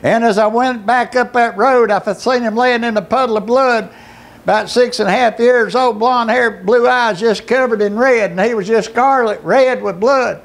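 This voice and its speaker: A middle-aged man preaching his testimony as a pastor, telling his story with emotion that climbs into shouting. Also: very high-pitched, normal speed, creaky. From Georgia, US. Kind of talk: testimony sermon.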